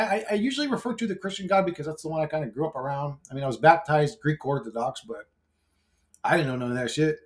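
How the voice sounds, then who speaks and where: A brash, foul-mouthed man rambling through a casual vlog monologue. His voice sits slightly high for a man, and he laughs often between swears. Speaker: YouTuber.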